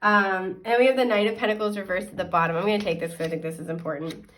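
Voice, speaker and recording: A woman's voice: medium pitch, steady tone, fast, fairly bright tone. A woman giving a casual tarot reading to her viewers. She is chatty and giggly and fills her talk with frequent ums and likes. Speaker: tarot reader.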